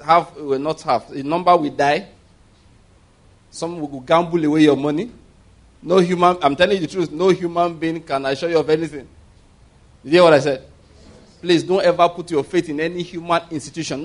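Conversational preacher, high-ish man's voice. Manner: conversational, rhetorical questions, call-and-response. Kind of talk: sermon.

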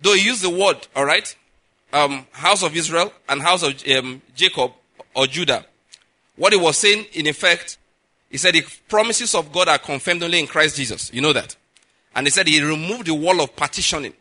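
A man's voice: fairly high pitch, normal speed, pushed and bright. A man preaching a sermon as a pastor, emphatic, often checking in with the listeners with asides. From Nigeria.

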